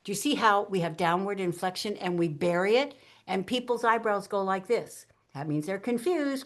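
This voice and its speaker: A woman with an animated, punchy way of teaching, laughing often as she walks through her examples. Her pitch sits in a middle range, and she talks like a speaking coach giving a guest interview on a podcast.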